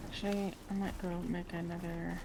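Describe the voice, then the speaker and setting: A woman's voice: fairly low pitch, little pitch movement, fairly quick, vocal fry, background noise. A woman playing a co-op game with friends, making polite, somewhat hesitant requests in a casual chat. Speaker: player, co-op teammate. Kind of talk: casual chat while gaming.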